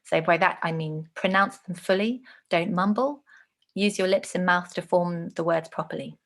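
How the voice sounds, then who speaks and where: A woman teaching an online lesson on speech delivery, explaining in a conversational way with frequent ums and slowing down to stress words. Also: on the low side, steady tone.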